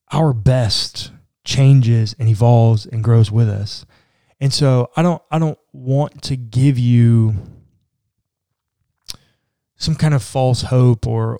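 A man's voice: medium pitch, warm tone, smooth, dry recording, clean studio sound. A man, a pastor, talking earnestly in a podcast discussion, with a casual, conversational manner. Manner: earnest, conversational, says "like" often.

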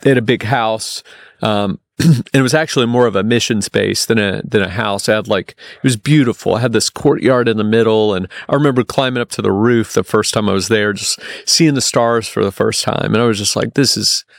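A man telling a long personal story in casual podcast talk, full of restarts and fillers, getting animated when he quotes people. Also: on the low side, brisk, vocal fry, no room sound, clean studio sound. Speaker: podcast guest.

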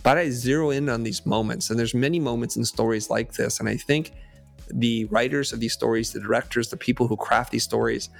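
Brief: male podcast guest, emphatic storyteller, gravelly tone, faint music underneath. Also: mid-range voice, fairly even intonation, brisk. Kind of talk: storytelling in conversation.

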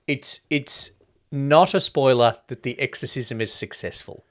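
A man in casual podcast chat who rambles through a film's plot and swears easily. His voice sits at a middling pitch for a man. He talks loosely and circles back on himself as he goes. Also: measured pace, a bit bright. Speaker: podcast co-host. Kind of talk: casual film-review chat.

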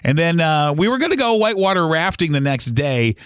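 A man hosting a podcast, telling a travel story in a casual, rambling way with lots of fillers and restarts, and getting animated when he quotes people. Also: fairly high pitch, fairly quick, clear, resonant tone, no room sound, studio quality. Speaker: podcast host.

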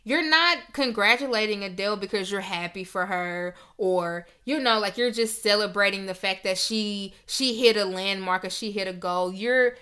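A woman's voice: mid-range voice, normal speed, hardly any pauses, sharp tone, smooth. A young woman hosting a podcast, ranting in a heated, emphatic, profane casual talk. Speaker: podcast host.

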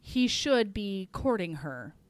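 A woman co-hosting a casual podcast, recapping a romance novel with profanity and quick acted-out asides. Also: medium pitch, no echo. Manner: animated, profane, acts out characters in quick asides. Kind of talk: casual chat.

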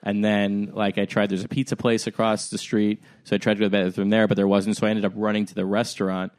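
A man's voice: fairly low pitch, little pitch movement, fast, a little mellow, clear, resonant tone, no echo. Rambling young man telling a comedic story. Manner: rambling, full of "like" and "um", self-deprecating. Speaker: podcast co-host.

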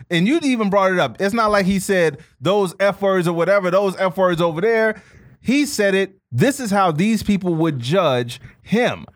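A man co-hosting a podcast, talking casually and animatedly, often calling his co-host "bro". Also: sits high. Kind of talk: casual chat.

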